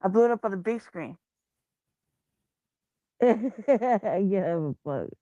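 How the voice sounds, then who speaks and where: A woman's voice: mid-range voice, slow, no room sound, muffled recording. A woman hosting a casual livestream chat, swearing freely and telling stories with lots of animation. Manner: profane, animated storytelling. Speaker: show host.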